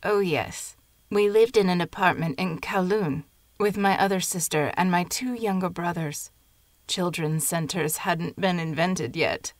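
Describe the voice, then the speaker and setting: A frail dying old grandmother, as a woman reader puts her on, hoarse and half-whispering, tender with a wry edge. The voice sits low, and it is recorded close and dry in a storybook reading. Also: unhurried, dry recording, lightly acted. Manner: weak, murmured, breathy and hushed.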